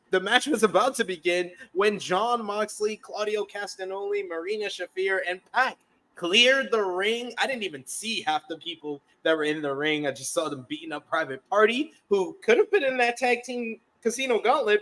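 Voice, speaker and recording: Higher-voiced man recapping wrestling. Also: animated, normal speed, fairly bright tone. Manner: recapping events, laughing often. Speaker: co-host. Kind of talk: casual wrestling review chat.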